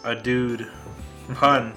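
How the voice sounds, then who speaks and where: A man co-hosting a podcast, talking in a relaxed, filler-heavy way and reading an excerpt aloud. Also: medium pitch, very slow, faint music behind. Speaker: podcast co-host. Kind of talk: casual chat and reading aloud.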